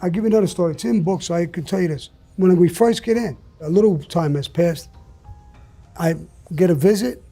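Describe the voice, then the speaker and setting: Older man, interview guest, blunt profane storyteller, dark mellow tone. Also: high-pitched, fairly quick, faint music behind.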